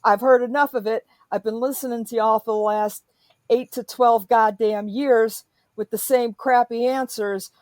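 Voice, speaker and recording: A woman's voice: on the high side, darkish tone, no room sound. A woman in a profane, emphatic political rant, speaking as a podcast host.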